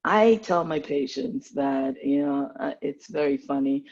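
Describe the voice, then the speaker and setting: A woman's voice: deep voice, measured pace, a little mellow, lo-fi sound. A woman from Nigeria, a medical practitioner, speaking earnestly and animatedly as a panelist on a video call.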